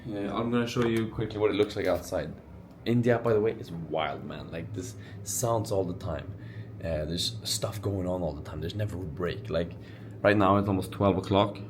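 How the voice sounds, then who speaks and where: Brief: twenties male vlogger, low voice, easygoing and unscripted, many fillers. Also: moderate pace, slight background noise. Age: 20s. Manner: relaxed, rambling, many fillers and restarts. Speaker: entrepreneur vlogger. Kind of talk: casual vlog narration.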